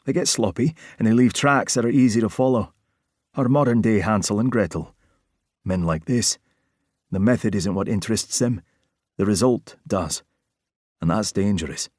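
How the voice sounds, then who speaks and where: A man's voice: on the low side, normal speed, pauses often, darkish tone, no room sound, lightly acted. A man with a Scottish accent voicing a suave, flirtatious middle-aged fire investigator with a dry, teasing manner. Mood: measured.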